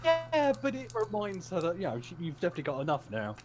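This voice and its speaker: A man's voice: high-pitched, wildly swooping pitch, quick pace, background noise. A man telling a rambling, giggly story in casual chat.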